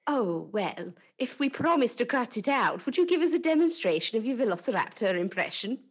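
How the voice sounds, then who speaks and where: A woman's voice: a little high, very animated, brisk, slightly rough. A woman playing a gushing, playful interviewer in a mock film interview sketch.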